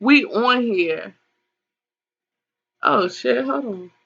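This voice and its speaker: A woman's voice: on the high side, lively intonation, very slow, vocal fry, fairly bright tone, slightly rough. A woman hosting a live tarot call-in stream. She reads viewer comments aloud and talks to her viewers in a concerned, casual way, calling them pet names. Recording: dull lo-fi stream audio.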